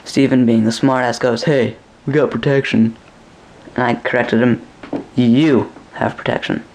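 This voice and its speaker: A young vlogger with a medium-pitched voice, recorded with a little hiss or hum, casually recounts a rambling, crude dream. He acts out what people said in a raised voice.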